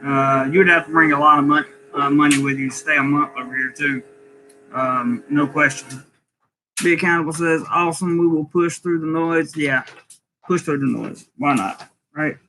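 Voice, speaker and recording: A man's voice: fairly high pitch, fairly even intonation, normal speed, background noise. A man casually reading viewer comments aloud and answering them on a live stream from his rental home. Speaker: vlogger reading live chat. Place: rental home with contractors working.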